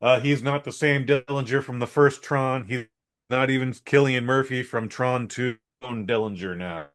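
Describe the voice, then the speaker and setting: A man's voice: medium pitch, moderate pace, a bit bright. A man co-hosting a podcast, giving a blunt, rambling and opinionated movie review in a casual chat. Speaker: podcast co-host.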